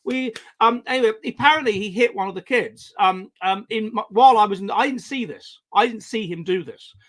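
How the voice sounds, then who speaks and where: A man in his forties telling stories in a casual chat, halting and rambling with many restarts. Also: sits high, a bit bright. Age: 40s. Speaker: guest. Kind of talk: casual conversation.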